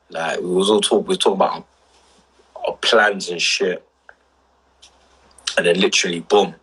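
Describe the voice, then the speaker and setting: Husky deep-voiced drunk man. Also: fairly even intonation, a little slow, long pauses, fairly bright tone, poor audio. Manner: rambling, emotional, heavy street slang. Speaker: livestream host. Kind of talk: casual livestream chat.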